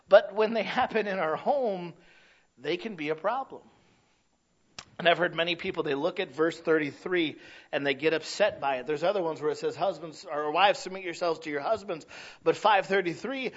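A man preaching a sermon in a conversational, plainspoken way with self-deprecating humor. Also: high-pitched. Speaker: pastor. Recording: slightly dull lo-fi sound.

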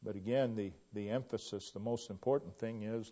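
A middle-aged pastor preaching a sermon in an earnest way, repeating key phrases, swelling to emphatic peaks and then dropping low. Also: male voice, fairly even intonation, normal speed, dark tone. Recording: dull lo-fi church recording.

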